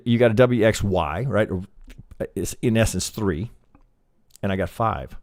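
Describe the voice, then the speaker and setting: A man's voice: fairly low pitch, moderate pace, long pauses, darkish tone, dry recording, clean studio sound. A man teaching trading while he works through a chart, rambling and profane, thinking aloud with many restarts. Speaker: trading educator. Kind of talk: live chart analysis lesson.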